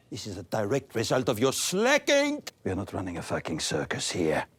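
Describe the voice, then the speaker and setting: A man's voice: fairly low pitch, wildly swooping pitch, moderate pace, a bit bright, slightly rough, heavily acted. An actor playing a pompous, easily exasperated ancient male vampire warrior who scolds in a grandiose, theatrical way.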